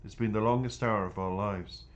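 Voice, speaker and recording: A stern, domineering middle-aged Madame with a lilt lays into two runaway boys, as a man reading the story puts her on. The voice stays low and close to his own, reproachful in a storybook reading. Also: steady tone, moderate pace, lightly acted. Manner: scolding, reproachful.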